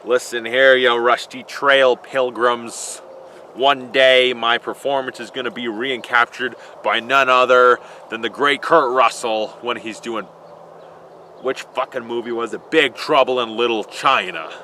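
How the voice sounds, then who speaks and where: A gruff old cowboy drawls each word out slowly and firmly, as a man puts him on. His voice is bright and forceful. Faint traffic hums behind him outdoors. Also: medium pitch, steady tone. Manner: slow, drawn-out drawl. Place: outdoors in a built-up area.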